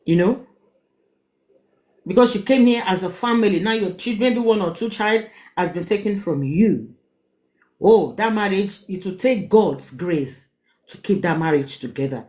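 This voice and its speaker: On her live stream, a middle-aged woman with a Nigerian accent offers relationship advice directly to the audience at a normal speed. Her voice carries a warm tone at an ordinary female pitch, and she stresses her points insistently, repeating words and asking rhetorical questions.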